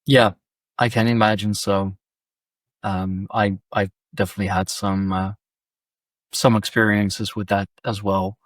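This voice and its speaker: Hesitant low-voiced man host. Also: flat delivery, unhurried, dry recording, studio quality. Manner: hesitant, many fillers and restarts, soft-spoken replies. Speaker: podcast host. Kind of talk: casual interview chat.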